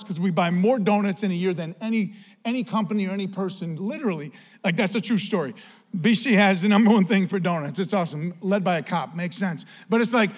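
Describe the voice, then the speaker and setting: A man preaching a sermon as pastor, chatty and animated, telling a story with lots of "like" and acted-out quotes. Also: high-pitched.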